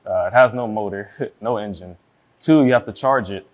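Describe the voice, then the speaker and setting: Quiet, rambling young man in court. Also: moderate pace, dull audio. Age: 20s. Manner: hesitant, rambling with many fillers; quiet, low-voiced. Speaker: plaintiff in court.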